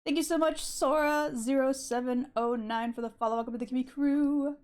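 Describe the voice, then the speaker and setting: A woman's voice: sits high, steady tone, brisk, darkish tone, clean tone. A young woman streaming while she draws, chatting in a rambling, giggly way and swearing casually. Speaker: art streamer.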